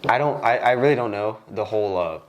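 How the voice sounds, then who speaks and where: A man's voice: quick pace, crowd noise. A young man hosting a podcast in a studio, telling a casual work story and acting out the people in it with sudden jumps in his voice. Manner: animated, acts out quoted lines with jumps in pitch. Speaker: podcast host.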